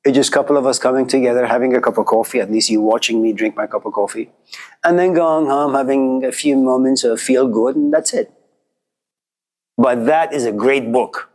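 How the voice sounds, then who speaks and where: A man's voice: mid-range voice, animated, brisk, a little mellow. A middle-aged man giving an informal philosophy lecture in a classroom, telling stories and acting out quoted voices in a conversational way.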